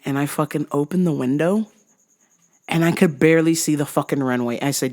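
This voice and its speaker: A woman telling a profane comic travel rant in an animated manner, jumping into high outbursts. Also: a little fast. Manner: animated, swearing, jumps into high-pitched outbursts. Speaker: vlogger.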